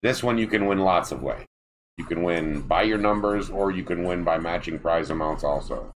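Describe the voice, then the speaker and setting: Deep-voiced Michigan man hyping tickets. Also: moderate pace. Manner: upbeat, egging on the tickets. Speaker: lottery scratch-off channel host. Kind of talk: casual live scratch-off chat. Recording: light background noise.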